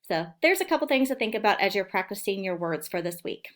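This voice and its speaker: Woman teaching phonics slowly and clearly. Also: mid-range voice, big pitch swings, background noise. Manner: slow, clear teacher talk to young children, sounding out words. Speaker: elementary school teacher. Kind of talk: recorded home-learning phonics lesson.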